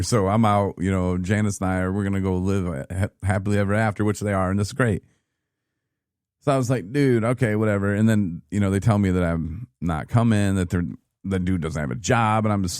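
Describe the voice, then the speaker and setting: A man in his thirties from Michigan, telling his own story in a casual, animated podcast chat and acting out what people said. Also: deep voice, dry recording, studio quality. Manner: animated, laughing, acts out quoted people. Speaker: podcast guest.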